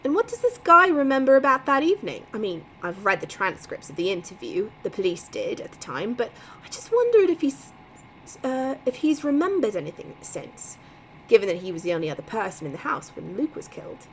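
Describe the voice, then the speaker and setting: A woman's voice: a little high, big pitch swings, a little fast, a bit bright, slight background noise, rough recording. A woman voicing an inquisitive English woman who asks pointed questions in an English accent. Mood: probing.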